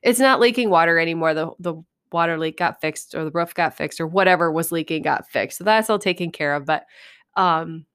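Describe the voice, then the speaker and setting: A woman's voice: sits low, brisk, fairly bright tone, clear, resonant tone. A middle-aged woman hosting a podcast, telling a funny story in casual chat, swearing freely and laughing often. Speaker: podcast host.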